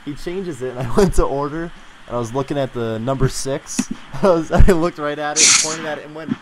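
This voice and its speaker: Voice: mid-range voice, a little fast. Giggly streamer telling a story over hiss. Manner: giggly, laughs through the telling. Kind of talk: casual anecdote on a stream.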